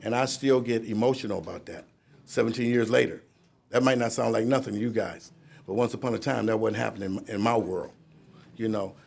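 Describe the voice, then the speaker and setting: A man in his fifties gives a rambling, conversational recovery testimony to an audience at a courtroom ceremony, laughing at himself as he goes. His voice is fairly low, fairly quick, creaky and darkish in tone.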